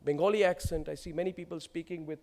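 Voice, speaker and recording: A man's voice: fairly high pitch, fairly even intonation, quick pace, creaky, darkish tone. A man in his forties with an Indian English accent, giving an emphatic motivational speech built on rhetorical lists. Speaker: keynote speaker.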